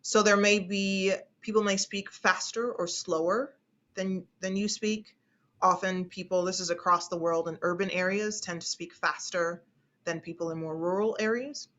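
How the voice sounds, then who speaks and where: A woman's voice: medium pitch, fairly even intonation, moderate pace, a bit bright, muffled recording. A woman speech instructor from the United States, teaching an online class in a chatty way and often repeating her phrases.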